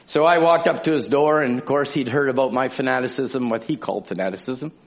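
A man preaching a sermon, telling stories from his own life with animated, dramatic delivery and occasional bursts of shouting. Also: mid-range voice, a little fast, gravelly. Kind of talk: sermon with personal testimony. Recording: dull lo-fi sound.

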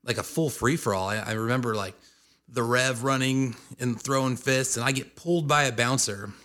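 A man's voice: medium pitch, moderate pace, a bit bright. A man in an interview casually recounting a story with an amused tone. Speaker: band member guest.

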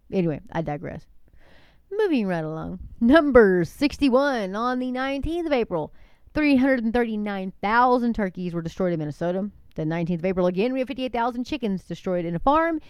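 A woman with a smooth, clear voice, talking in a chatty, digressive way. She keeps calling her listeners "folks" between items on a long list. The sound is dry and close, with no room echo. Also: mid-range voice, darkish tone. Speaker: commentator reading a list of incidents. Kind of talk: casual monologue.

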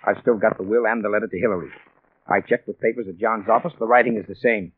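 An actor playing a calm, probing police investigator in a vintage radio drama, pressing with measured questions. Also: male voice, fairly low pitch, slightly rough. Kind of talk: 1940s radio acting. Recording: tinny old radio broadcast with faint hiss.

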